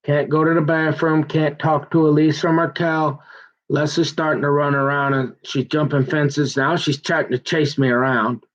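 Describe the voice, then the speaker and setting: A man telling a long, aggrieved personal story in a rambling monologue, halting and restarting his sentences as he goes. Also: a little high, little pitch movement. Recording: dull muffled lo-fi recording.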